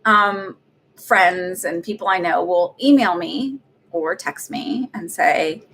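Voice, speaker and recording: A woman's voice: on the low side, takes it slowly, a bit bright, breathy edge. A middle-aged woman hosting a psychic reading livestream, chatting casually and rambling with lots of fillers and laughs. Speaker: psychic medium livestream host.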